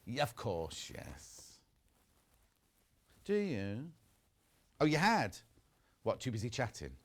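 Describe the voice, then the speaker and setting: A man's voice: medium pitch, slow pace. A middle-aged man presenting a shopping channel, chatting and reading out viewer messages in a gossipy way. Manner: lively, gossipy, reads viewer messages aloud. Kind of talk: chatty live TV selling. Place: TV studio.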